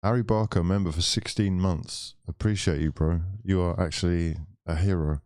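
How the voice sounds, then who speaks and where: A young man with a fairly low voice rants through a live football watchalong. He swears freely and banters with his chat in an exasperated way. His voice sounds dry and close. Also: steady tone, normal speed, a little mellow, no room sound.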